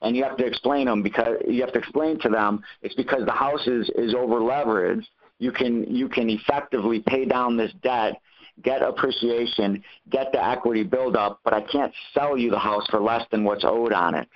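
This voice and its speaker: A man's voice: medium pitch, moderate pace. A man hosting a call-in Q&A who coaches callers and acts out the conversations he quotes. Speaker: host answering callers' questions. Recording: muffled lo-fi call audio.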